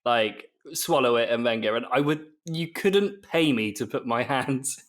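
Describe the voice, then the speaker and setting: A man's voice: mid-range voice, animated, a little slow. A man joining a casual podcast chat who laughs often and reacts with disbelief. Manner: laughing, incredulous. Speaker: podcast guest.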